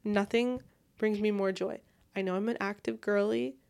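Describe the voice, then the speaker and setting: Bubbly young woman rambling on her solo podcast from bed, middle pitch, super casual. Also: fairly even intonation, normal speed, vocal fry, darkish tone, clean tone. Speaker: podcast host. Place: lying in bed at home.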